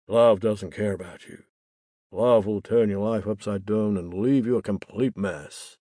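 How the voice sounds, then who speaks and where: A man's voice: fairly low pitch, a little slow, dark tone, no echo, clean studio sound. A young man narrating a first-person novel in a wry, bitter way. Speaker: audiobook narrator.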